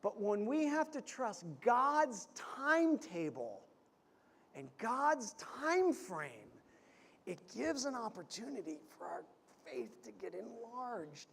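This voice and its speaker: A man preaching a sermon as pastor, telling stories and swinging from loud to hushed. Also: very high-pitched, big pitch swings, slow pace, creaky, husky. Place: church sanctuary. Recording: reverberant church hall.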